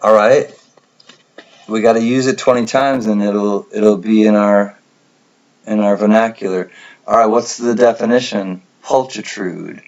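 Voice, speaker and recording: A man's voice: on the low side, fairly even intonation, unhurried, long pauses, a little mellow. A man hosting a casual livestream chat, rambling and correcting himself as he goes, often laughing. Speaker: livestream host. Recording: dull lo-fi stream audio.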